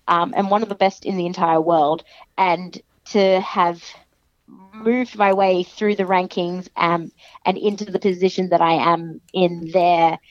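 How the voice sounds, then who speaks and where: Chatty Australian woman, dull dry sound. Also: no room sound. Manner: chatty, animated, acts out other people's lines in a higher voice. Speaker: guest, professional wrestler. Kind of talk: casual interview chat.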